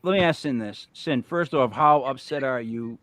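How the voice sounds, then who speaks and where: A man hosting a casual group chat, loud and joking, often repeating himself. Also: mid-range voice, normal speed, no room sound. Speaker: show host.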